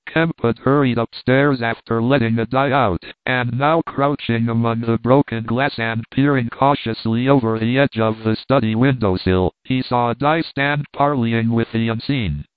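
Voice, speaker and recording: A man narrating a classic novel aloud in a steady, measured way. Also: mid-range voice, dry recording. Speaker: audiobook narrator. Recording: tinny phone-like line, dry.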